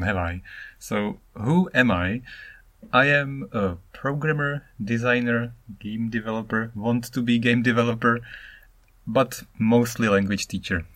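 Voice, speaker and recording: A man in his thirties from the Czech Republic, a non-native speaker, hosting a solo podcast in a rambling, animated way. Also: medium pitch, unhurried, dry recording. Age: 30s. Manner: rambling, animated, acts out intonations. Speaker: podcast host.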